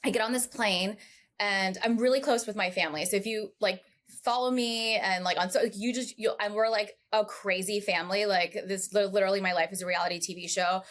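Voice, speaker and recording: Brief: woman guest in a casual interview, animated storyteller with lots of asides, mid pitch. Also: brisk. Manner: animated, chatty, full of asides. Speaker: podcast guest, entrepreneur.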